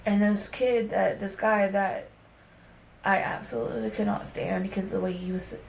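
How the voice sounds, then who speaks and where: Appearing as a podcast guest, a young woman candidly recounts a personal story with casual swearing, speaking in a steady mid-range voice with vocal fry at a moderate pace. The room is echoey, with a faint background hum.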